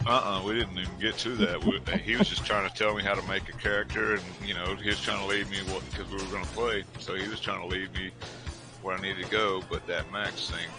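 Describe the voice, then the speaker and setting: A man's voice: sits low, level tone, fast, over music. A middle-aged man chatting casually as a co-host, telling stories in a laid-back way and laughing often. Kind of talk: casual chat.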